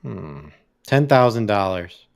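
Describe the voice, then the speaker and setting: Smooth, low-voiced man, laid-back podcast chat. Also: very animated, takes it slowly. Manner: laid-back, swears freely, laughs often. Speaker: podcast co-host. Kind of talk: casual chat.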